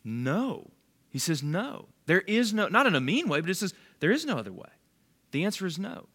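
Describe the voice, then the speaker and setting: A man's voice: high-pitched, big pitch swings, normal speed, fairly bright tone. A man leading a bible study, giving a casual, conversational sermon and quizzing his listeners by name. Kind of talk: casual sermon to a small group.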